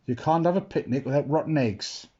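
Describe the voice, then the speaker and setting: Greedy old ship's cook, a man doing it, gruff, dull recording. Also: on the high side, fairly quick, mellow.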